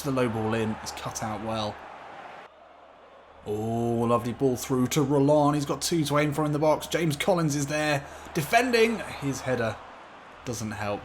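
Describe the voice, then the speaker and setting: A man commentating on his own football video game play, getting excitable at the chances. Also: on the low side, background noise. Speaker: gaming YouTuber. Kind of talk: gameplay commentary.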